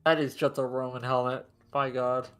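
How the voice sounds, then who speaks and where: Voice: medium pitch, level tone, normal speed, a bit bright. A co-host in casual gaming chat, jokey and chatty, often trailing off mid-sentence. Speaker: game co-host.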